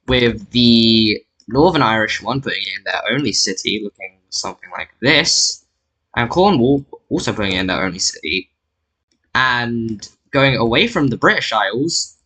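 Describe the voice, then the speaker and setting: A man talks through a map game in loose, casual commentary from home. His voice is bright and sharp, and he rambles with filler and quick self-corrections. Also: medium pitch, poor audio.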